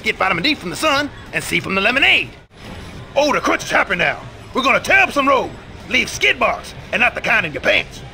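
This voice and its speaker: An actor playing a brash tough-guy male bandicoot with a gravelly, blustering voice, in a video game cutscene. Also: very high-pitched, big pitch swings, a little fast, bright, forceful tone, soft background music, full character voice.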